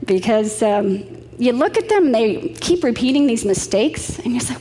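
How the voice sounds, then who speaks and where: A woman's voice: fairly high pitch, very animated, normal speed, dark tone, slight background noise. Woman preaching in a reverberant hall. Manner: storytelling, chatty with light laughs. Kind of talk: sermon.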